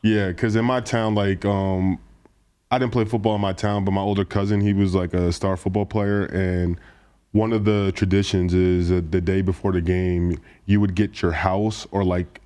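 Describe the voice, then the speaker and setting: Rambling low-voiced man, full of "like". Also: fairly even intonation, normal speed, mellow. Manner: rambling, heavy use of "like". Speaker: podcast co-host. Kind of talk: casual chat.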